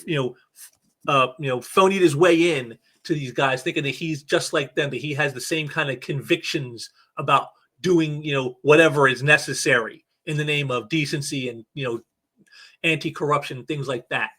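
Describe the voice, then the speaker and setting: A man's voice: fairly high pitch, normal speed, bright, forceful tone. A man hosting a casual comic book review, rambling with many fillers and restarts and reading comic dialogue aloud. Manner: reads comic dialogue aloud in a lightly acted voice.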